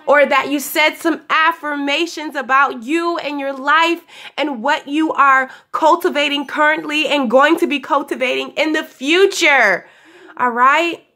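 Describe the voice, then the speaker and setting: A young woman giving a casual daily spiritual pep talk, chatty and affectionate, her voice still a little hoarse from recovering. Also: sits high, pushed and bright. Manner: chatty and affectionate, laughs often, calls listeners "honey". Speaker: spiritual guidance vlogger.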